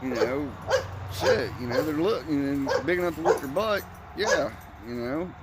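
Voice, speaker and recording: A man with a slightly high, gravelly voice speaks at a moderate pace over a very noisy recording. Casually storytelling, he rambles through family tales with free swearing and animated impressions of other people.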